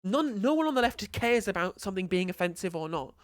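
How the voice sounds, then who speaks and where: A woman's voice: mid-range voice, a little fast, dry recording. Woman streamer, live reaction commentary, incredulous and sweary, dry close sound. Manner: animated, incredulous, swears freely.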